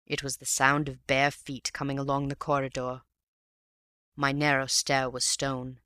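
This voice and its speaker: A man narrating a story aloud in a measured storytelling manner. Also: mid-range voice, monotone, pushed and bright, clear, resonant tone, dry recording. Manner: measured storytelling, addressing a friend. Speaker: audiobook reader.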